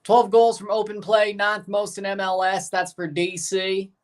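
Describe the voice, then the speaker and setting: A man with a high-sitting voice speaks at a measured pace in a level tone. He's hosting a livestream watchalong of a soccer match, chatting casually, reading viewer comments aloud, and tossing in sarcastic asides.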